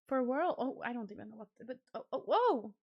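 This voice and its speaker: A young woman streaming live, chatting casually and squealing excited thanks to donors. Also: on the high side, brisk, no echo, highs cut off.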